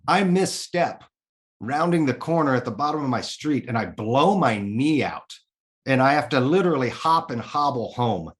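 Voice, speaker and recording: A man's voice: medium pitch, expressive, normal speed. A man as a podcast guest, telling a personal story in a candid, earnest way and swearing casually.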